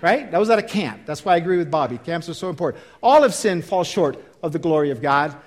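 A man in his fifties preaching a sermon and leading an altar call, emphatic and swinging from loud exhortation to quiet pleading. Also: fairly high pitch, expressive, quick pace. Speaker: pastor.

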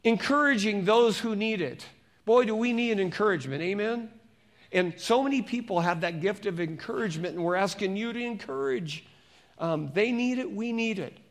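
A man preaching as a pastor, reading scripture slowly and turning to the congregation with conversational questions. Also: high-pitched, lively intonation. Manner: reads scripture slowly and deliberately.

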